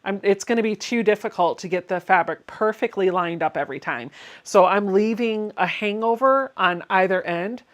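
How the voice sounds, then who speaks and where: A woman's voice: medium pitch, normal speed. A woman hosting a casual sewing livestream, chatty and laughing often as she explains each step while she works. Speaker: quilting channel host.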